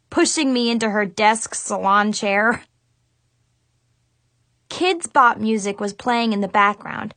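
High-voiced woman reading a kid's diary book, super expressive, unhurried, dry close sound. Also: dry recording. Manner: dramatic, exasperated, expressive. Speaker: audiobook narrator. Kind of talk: first-person storybook narration as a teen girl.

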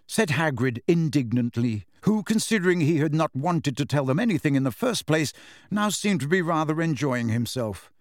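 A man's voice: mid-range voice, normal speed, no echo, studio quality. A man narrating an audiobook, reading the speech tags expressively.

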